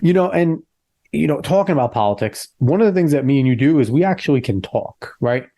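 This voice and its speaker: A man's voice: a little high, animated, a little fast, mellow, dry recording, studio quality. Stuffy-nosed man hosting a podcast. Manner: chatty, joking, rambling. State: congested, nasal from a cold. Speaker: podcast host. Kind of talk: casual podcast chat.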